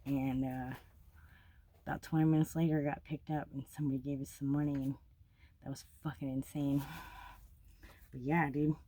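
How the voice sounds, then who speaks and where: A young woman telling a story of her travels in a casual, blunt, heavily profane way, getting animated as she relives it. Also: a bass voice, moderate pace, pauses often.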